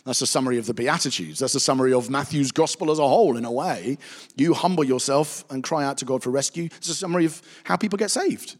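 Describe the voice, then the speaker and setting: A man, a pastor giving a chatty, anecdotal Bible teaching with animated asides. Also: mid-range voice, quick pace. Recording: reverberant hall.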